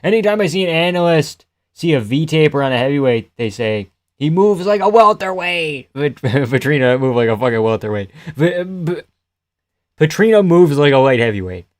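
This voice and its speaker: A man hosting a live fight-reaction stream, chatting loosely and profanely with his viewers and often trailing off quietly. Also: medium pitch, animated, a little fast, dry recording, clean studio sound. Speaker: live-stream host reading chat.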